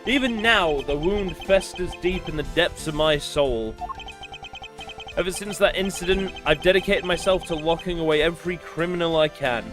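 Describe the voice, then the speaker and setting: A man's voice: a little high, moderate pace, natural voice. A man voicing a stiff, proper male prosecutor who speaks formally and dramatically. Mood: solemn. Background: game music.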